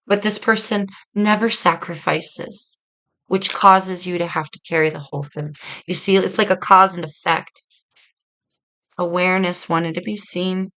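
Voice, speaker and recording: A woman's voice: on the low side, fairly even intonation, a little slow, fairly bright tone, rough recording. A woman reading tarot cards for her viewers in a casual, earnest, reflective way, speaking straight to them. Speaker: tarot reader.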